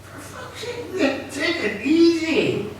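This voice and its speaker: A man voicing an exasperated young man held at gunpoint, speaking in high, incredulous outbursts. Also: very animated, normal speed, a little hiss or hum. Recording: echoey hall, from far off.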